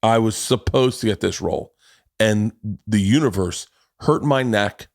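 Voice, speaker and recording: A man in his forties hosting a podcast, telling a long story in casual chat, animated and swearing, jumping into quoted voices. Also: fairly low pitch, unhurried, gravelly, dry recording, clean studio sound. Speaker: podcast host.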